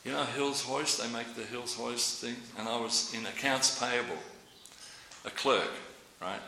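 A man's voice: medium pitch, fairly even intonation, measured pace, pushed and bright, roomy sound, a little hiss or hum, low-quality recording. A man giving a devotional talk, rambling and anecdotal, often repeating his words. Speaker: devotional speaker.

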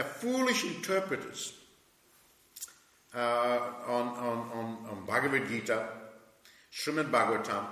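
A man giving a scripture lecture, halting with many fillers and restarts, then pressing his points emphatically. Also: medium pitch, bright, forceful tone. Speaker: spiritual teacher giving a scripture class. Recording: echoey hall with long reverb.

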